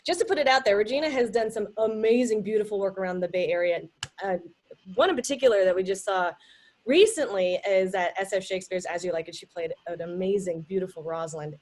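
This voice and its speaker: A woman hosting a casual live interview over a video call, upbeat and enthusiastic, telling stories with lively energy. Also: mid-range voice, fast. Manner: upbeat, enthusiastic, animated storytelling. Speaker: host.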